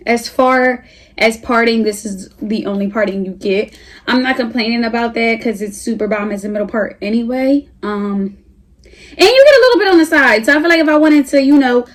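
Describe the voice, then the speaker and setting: A young woman, reviewing a wig in a casual vlog at home, chatty and hyped, a little out of breath. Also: a little high. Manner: chatty, slangy, hyped and animated. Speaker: beauty vlogger.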